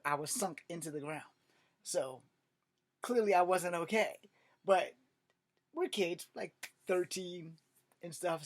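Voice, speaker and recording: A man casually telling a personal story, rambling and swearing with lots of fillers. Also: fairly high pitch. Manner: rambling and profane, full of fillers. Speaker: vlogger.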